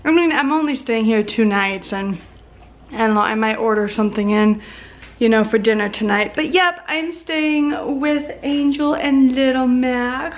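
A woman's voice: on the high side, a little slow, highs cut off. A young woman chatting casually in a home vlog, a bit out of breath and tired, sometimes cooing at dogs in baby talk. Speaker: vlogger. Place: house, indoors.

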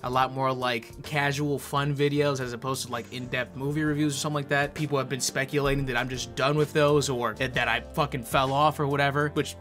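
A man's voice: medium pitch, flat delivery, a little fast, few pauses, a bit bright, soft background music. A man narrating a video essay, then chatting casually and self-deprecatingly with frequent swearing. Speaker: YouTube commentator.

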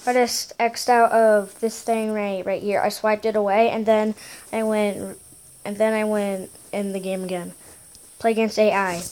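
A woman giving excitable gameplay commentary as a gaming YouTuber, full of gasps, exclamations and playful sing-song bits. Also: medium pitch, measured pace.

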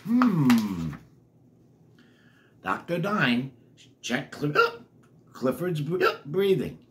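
A man's voice: a little high, big pitch swings, slow pace, a little hiss or hum. An older man reading a picture book to children, chatting and asking them questions between pages. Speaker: storyteller.

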